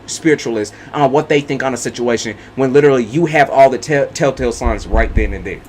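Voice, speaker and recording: A man's voice: medium pitch, fairly quick, few pauses, a little hiss or hum. A man giving a casual tarot reading monologue, blunt and profane, repeating his points for emphasis. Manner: blunt, profane and repetitive, hammering points home. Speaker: tarot reader.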